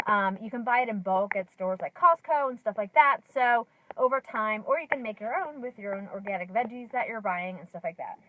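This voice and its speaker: A woman's voice: mid-range voice, expressive, fairly quick, a bit bright, a little hiss or hum, low-quality recording. A woman in her thirties talking casually to camera from her car, chatty with many ums and likes, a little out of breath. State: slightly out of breath. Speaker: lifestyle vlogger.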